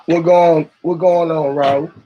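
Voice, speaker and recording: A man's voice: on the high side, steady tone, slow pace, dull audio, a little hiss or hum. A man hosting a live stream, rambling in heavy slang with profanity and lots of rhetorical questions, greeting callers who join a voice chat.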